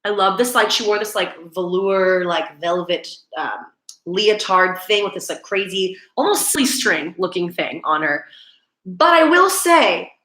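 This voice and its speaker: A woman's voice: fairly low pitch, normal speed, fairly bright tone, roomy sound. A woman hosting a casual livestream, chatting and gushing with lots of "like" fillers.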